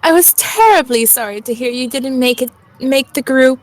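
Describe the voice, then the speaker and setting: A woman voicing a glamorous, theatrical female superhero diva in a text game, with a grand, drawn-out delivery. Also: high voice, close to an everyday voice. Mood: gushing.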